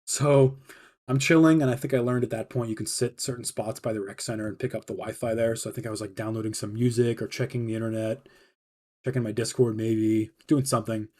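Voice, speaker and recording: Male host for a laid-back storytelling stream: mellow, warm tone, loose and rambling delivery heavy on filler words, quick to laugh. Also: lowish voice, flat delivery. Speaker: podcast host. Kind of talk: casual storytelling.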